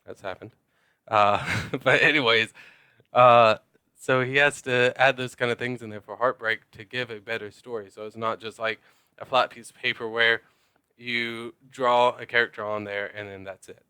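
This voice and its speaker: A man's voice: medium pitch, flat delivery, normal speed, pushed and bright, smooth, no echo, studio quality. A man at home talking casually to camera about playing role-playing games, rambling with lots of fillers. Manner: rambling, loose, filler-heavy. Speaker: tabletop role-playing gamer.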